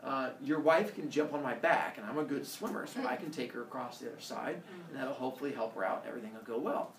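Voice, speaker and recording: Brief: a scheming, friendly-sounding centaur, put on by a male teacher, gravelly, in an echoey room. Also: mid-range voice, fast, crowd noise, close to an everyday voice. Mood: sly. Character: sly male centaur, smooth-talking trickster. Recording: echoey classroom from far off.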